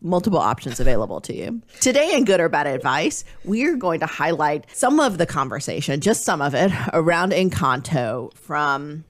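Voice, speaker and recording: Animated woman podcast co-host. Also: low voice, a little fast, few pauses. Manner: chatty, animated, playful asides. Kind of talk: casual podcast chat.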